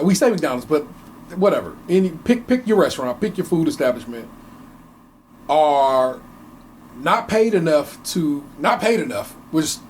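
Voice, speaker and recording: A man's voice: mid-range voice, a little hiss or hum. A man co-hosting a casual podcast, ranting with heavy swearing and many restarts in a home basement studio. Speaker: podcast co-host. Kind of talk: casual chat.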